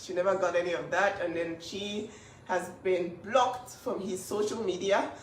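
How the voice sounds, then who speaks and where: A woman's voice: fairly low pitch, steady tone, normal speed. Indignant woman in an echoey room. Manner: emphatic and indignant. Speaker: older sister speaking out. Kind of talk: emotional on-camera statement. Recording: echoey room, voice at a distance, faint hiss.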